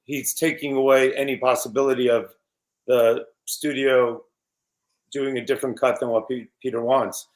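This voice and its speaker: A man in his fifties from New York, a guest actor recalling film shoots in a casual, animated interview. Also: mid-range voice, moderate pace. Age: 50s. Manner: animated anecdotes with laughs and quoted voices.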